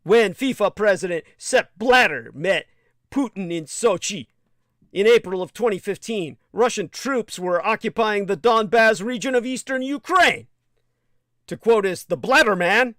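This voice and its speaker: A man's voice: high voice, lively intonation, unhurried, a bit bright, no room sound, studio quality. A man hosting a livestream, reading aloud and adding blunt, indignant commentary with some swearing. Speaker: livestream host.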